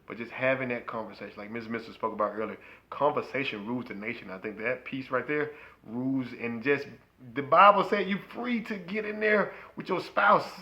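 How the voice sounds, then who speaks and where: A man co-hosting a marriage podcast, talking in a playful, preachy way with bursts of loud excited laughter. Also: medium pitch, a little fast, highs cut off. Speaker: podcast co-host. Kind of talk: casual chat.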